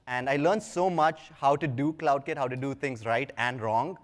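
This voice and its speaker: A man's voice: medium pitch, normal speed. A young man giving a live tech conference talk in a casual, chatty way with self-deprecating asides. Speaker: conference speaker. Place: large conference hall. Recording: long hall reverb.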